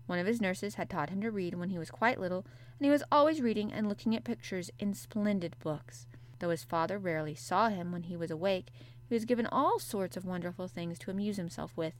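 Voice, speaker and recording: A woman narrating a classic novel in an even, measured storytelling manner. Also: lowish voice. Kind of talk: audiobook narration.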